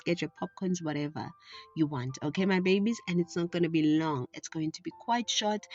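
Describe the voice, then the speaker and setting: A woman's voice: medium pitch, slightly rough, lo-fi sound. A woman telling a story to young children in an affectionate way, often checking that they are listening.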